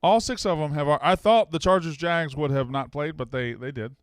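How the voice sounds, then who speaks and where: A man's voice: fairly high pitch, a little fast, no room sound, studio quality. A man hosting a casual sports betting podcast, joking and teasing his co-hosts. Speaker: podcast host.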